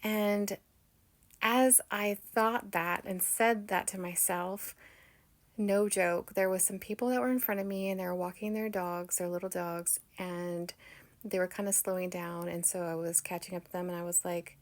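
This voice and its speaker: A woman's voice: on the low side, steady tone, moderate pace. A woman vlogger telling a personal spiritual story in a chatty, earnest and heartfelt way.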